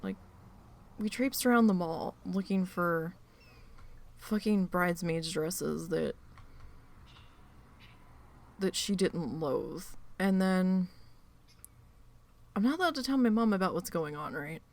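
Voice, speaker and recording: A woman's voice: fairly low pitch, slow, pauses often, darkish tone. A woman streamer telling a family story in casual chat, swearing freely and acting out quoted voices. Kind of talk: casual storytelling while gaming.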